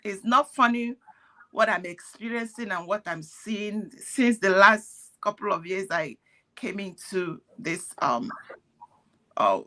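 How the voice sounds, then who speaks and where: A woman's voice: medium pitch, expressive, takes it slowly, pushed and bright. A woman giving earnest, preachy commentary in parables, sounding pained. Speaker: activist speaking on a call. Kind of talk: impassioned commentary.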